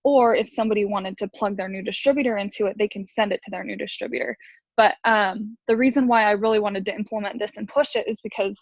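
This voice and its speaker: A woman team leader talking fast and rambling with lots of fillers, sharing sales tips on a video call. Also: medium pitch, steady tone, vocal fry, dry recording. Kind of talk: casual video call talk. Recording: dull video call audio.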